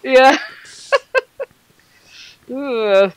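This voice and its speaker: A woman's voice: high-pitched, drawn-out words, clean tone, no echo. A woman co-hosting a podcast in casual chat, playful and teasing.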